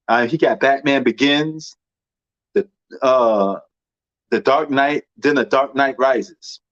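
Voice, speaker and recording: A man's voice: mid-range voice, slow pace, no room sound, lo-fi sound. A man with a New York accent chatting casually and rambling about movies, full of slang and fillers. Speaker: movie commentator. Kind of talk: casual chat.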